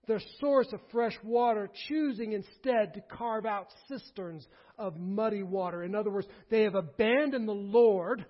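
In a muffled, lo-fi recording, a male pastor preaches with a rather high voice. His force grows as he hammers on phrases he repeats.

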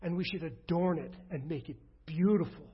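A man preaching a sermon as pastor, earnest, often dropping to a soft low voice. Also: normal speed, dull audio.

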